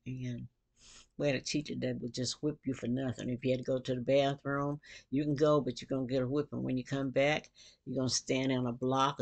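A woman vlogger telling a personal story to camera, animated and acting out quotes. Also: extremely low pitch, gravelly.

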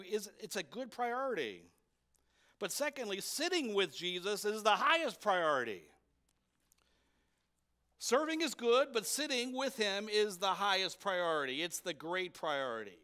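High-voiced man preaching a sermon. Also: sharp tone. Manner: emphatic, repeats key points for effect; asks the congregation rhetorical questions. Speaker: pastor. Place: church.

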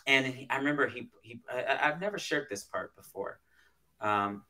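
Pastor guest, man; bright tense tone, tells stories with feeling and many restarts. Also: mid-range voice, normal speed, a little hiss or hum. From United States. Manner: animated, emotional storytelling with restarts. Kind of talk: storytelling in an interview.

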